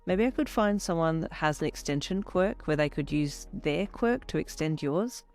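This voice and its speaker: A woman's voice: low voice, animated, moderate pace, darkish tone, soft background music. A woman voicing a blunt, teasing teenage girl who is the listener's best friend.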